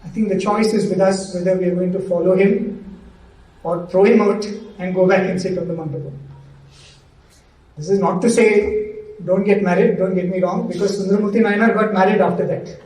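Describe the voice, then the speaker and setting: A man's voice: high-pitched, fairly quick. A man telling a devotional story to a gathering, acting out the characters' lines as he goes. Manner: animated storyteller acting out quoted dialogue. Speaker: devotional speaker. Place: community hall. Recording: roomy hall, mic at a distance.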